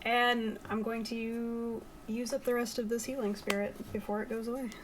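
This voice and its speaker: A woman's voice: fairly high pitch, level tone, moderate pace, a crowd in the background, low-quality recording. A woman playing a tabletop game, stating her character's actions plainly. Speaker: player. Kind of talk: casual tabletop play.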